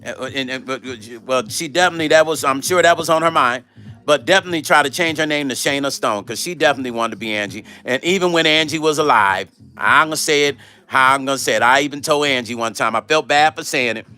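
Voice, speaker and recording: Bright-voiced man telling stories on a live stream. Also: mid-range voice, fast, smooth. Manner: animated, swearing, acts out quoted voices, talks to chat. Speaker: vlog host reading live chat. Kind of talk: casual live-stream storytelling.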